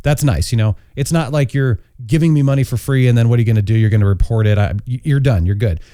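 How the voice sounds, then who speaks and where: A man's voice: mid-range voice, fast talker, dark tone, clean tone, dry recording, clean studio sound. A man hosting a casual chat podcast, talking in a rambling, self-correcting way while recovering from covid. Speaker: podcast host.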